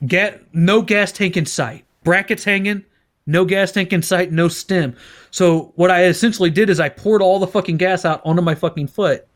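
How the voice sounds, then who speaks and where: A man's voice: high-pitched, moderate pace. A man hosting a podcast, telling a story casually with constant swearing and laughter. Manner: profane, laughing, animated storyteller. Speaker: podcast host.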